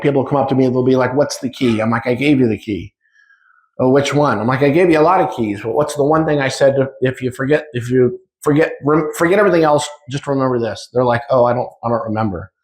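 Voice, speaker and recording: A man's voice: medium pitch, a little mellow. A man in his fifties giving an informal spiritual talk to a live audience, speaking conversationally and acting out little dialogues. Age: 50s. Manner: conversational, acts out dialogue with shifting speed. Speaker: spiritual teacher. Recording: roomy echo.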